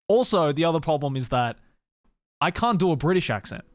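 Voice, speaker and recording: A man's voice: fairly high pitch, big pitch swings, a little fast, no echo, studio quality. A young man with an Australian accent chatting casually with his live-stream viewers, loose and rambling, swearing and laughing often.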